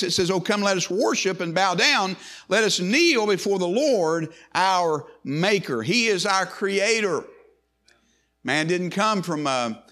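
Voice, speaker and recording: A man's voice: high-pitched, sharp tone. A man preaching a sermon in an emphatic way, often restarting and repeating words.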